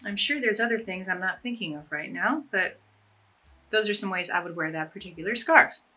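Here a woman's medium-pitched voice sounds brisk, animated, pushed and bright. She's a fashion vlogger demonstrating scarf-tying techniques, keeping things casual and upbeat with self-deprecating jokes.

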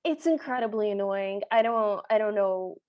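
A woman's voice: mid-range voice, normal speed, lo-fi sound. A woman co-hosting a podcast, recapping a cartoon with sarcastic, exasperated remarks. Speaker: podcast co-host. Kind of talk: casual chat recapping a film.

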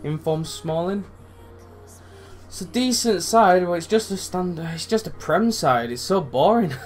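Excitable man commentating his gameplay. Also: sits high, measured pace, faint music behind. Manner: excitable, swears freely, rambling, shouts at big moments. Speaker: gaming channel host.

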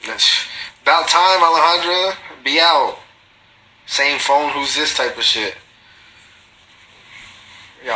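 Man with a very bright, sharp voice. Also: medium pitch, a little hiss or hum, low-quality recording. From Guatemalan family. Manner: slangy, swears freely, reads comments aloud and answers them. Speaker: livestreaming reality TV personality. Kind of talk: casual livestream chat reading viewer comments. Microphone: phone.

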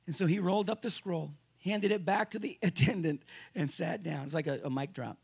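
A male pastor giving a conversational sermon to a congregation. He restarts phrases often and swings between loud emphasis and quiet asides. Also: high voice, a little fast, gravelly, slightly rough. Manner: conversational preaching with frequent restarts. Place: church service room with a congregation.

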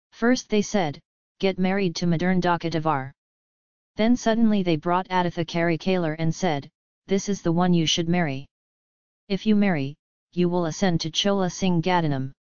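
A woman's voice: on the low side, darkish tone, clear, resonant tone, no echo, lo-fi sound, natural voice. A woman voicing a distressed young noblewoman who pleads earnestly in formal speech.

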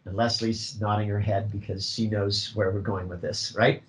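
A middle-aged man, a drama teacher leading a workshop for other teachers, talking in an animated way and acting out student voices. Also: lowish voice, normal speed, rough recording.

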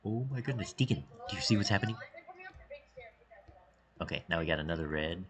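A man coaching students as he gives excitable live commentary on their game practice, thinking aloud with quick exclamations and sometimes dropping to a hush. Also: low voice, a little hiss or hum. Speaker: esports coach.

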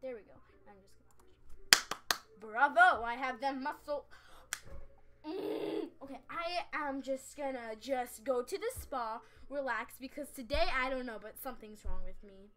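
A woman's voice: high voice, measured pace, pushed and bright. A young woman chatting over her gameplay, rambling and scatterbrained, giggling at herself. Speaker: gaming vlogger. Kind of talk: casual game commentary.

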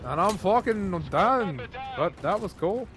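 A man's voice: sits high, animated, takes it slowly. A man bantering crudely while gaming in a put-on Scottish accent, sounding tired. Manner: crude, joking, drowsy drawl. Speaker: gamer. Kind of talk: casual gaming chat.

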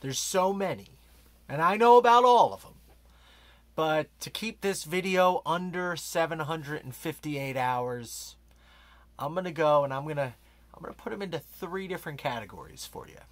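A man doing a deadpan comedy monologue as an over-earnest self-proclaimed rug expert, slipping into savoring, hushed breathy asides. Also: a little high, moderate pace, no echo. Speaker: comic rug expert character.

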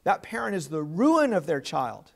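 A man's voice: fairly high pitch, big pitch swings, normal speed, gravelly. A man preaching a sermon as pastor, earnest and plain, putting questions to his congregation.

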